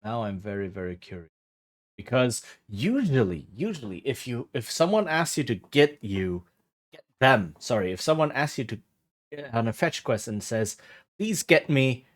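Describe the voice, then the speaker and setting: A man streaming a game, chatting casually and thinking aloud in a rambling way. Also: medium pitch.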